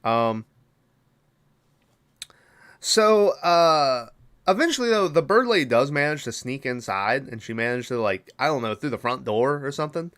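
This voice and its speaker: A man's voice: mid-range voice, expressive, moderate pace, pauses often, a bit bright, clean tone. A young man hosting a podcast, casually retelling a horror film's plot with lots of swearing, fillers and quoted lines. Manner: rambling, profane retelling with fillers. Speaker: podcast host. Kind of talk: casual movie recap.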